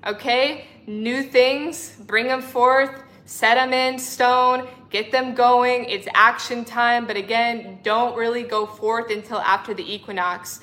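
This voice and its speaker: A woman's voice: a little high, fairly even intonation, takes it slowly, hardly any pauses, fairly bright tone. A young woman spiritual coach in a casual livestream, effusive and affectionate, calling her viewers sister and honey. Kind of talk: livestream talk reading chat comments.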